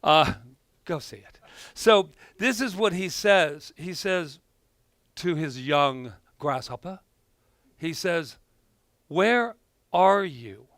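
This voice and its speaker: Conversational male minister, higher voice. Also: slow pace, fairly bright tone, no room sound, studio quality. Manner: conversational storytelling, self-correcting. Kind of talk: sermon. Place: church sanctuary.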